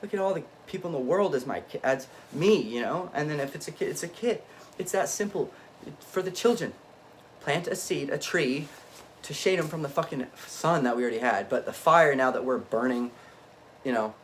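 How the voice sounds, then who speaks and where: A man talks on and on in a loose, unscripted monologue at an ordinary mid pitch. His delivery swings between low muttering and sudden emphatic bursts, and he keeps breaking off and restarting his thoughts. Faint noise sits behind him. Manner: frequent self-interruptions and restarts. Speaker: vlogger.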